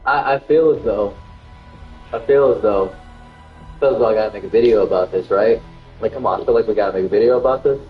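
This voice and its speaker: A man's voice: on the low side, fast, long pauses, lo-fi sound. A man streaming live, ranting in outrage and repeating himself as he reacts. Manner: indignant, repetitive, ranting. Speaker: game streamer. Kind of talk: livestream reaction rant. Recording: echoey room with faint music.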